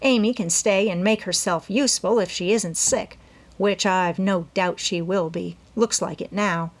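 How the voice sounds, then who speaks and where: A woman voicing a sharp, gruff old aunt who scolds in a storybook. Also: mid-range voice, steady tone, unhurried. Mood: scolding.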